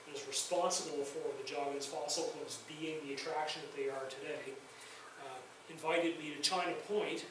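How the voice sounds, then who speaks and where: Male guest lecturer, somewhat high voice, anecdotal and self-mocking, distant mic in an echoey lounge. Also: noisy background. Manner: chatty, self-deprecating humor. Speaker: guest lecturer and documentary filmmaker. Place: university faculty lounge, indoors. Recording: very echoey room, voice far from mic.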